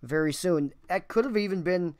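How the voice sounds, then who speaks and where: A man's voice: high voice, normal speed, a little mellow. A man hosting a music reaction video, talking casually and enthusiastically, thinking aloud and swearing now and then.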